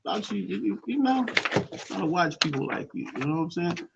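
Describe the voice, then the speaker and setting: A man from Chicago hosting a morning radio show, talking in loose, slangy banter full of shout-outs. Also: high-pitched, lively intonation, moderate pace, gravelly, dull audio, very noisy. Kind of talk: casual morning radio talk.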